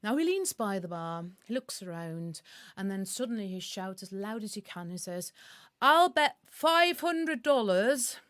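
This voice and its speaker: A woman's voice: medium pitch, expressive, moderate pace, a little mellow, no echo, studio quality. A German woman co-hosting a casual music stream, chatty and telling a joke with frequent laughs. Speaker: co-host. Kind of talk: casual live-stream chat.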